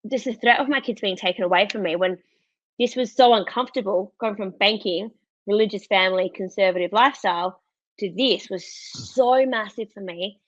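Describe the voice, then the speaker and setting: A woman's voice: mid-range voice, no echo. Australian woman, thirties, candid storyteller, dry close sound, slightly dull audio. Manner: candid, laughs often, quotes others in lively voices. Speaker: podcast guest. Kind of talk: casual storytelling.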